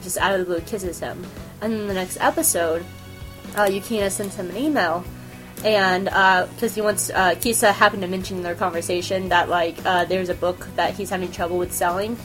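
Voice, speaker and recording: Brief: excitable woman host, casual chat, laughs and swears freely. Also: fairly low pitch, a little fast, faint music behind. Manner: animated, giggly, profane fangirl gushing. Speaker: podcast host.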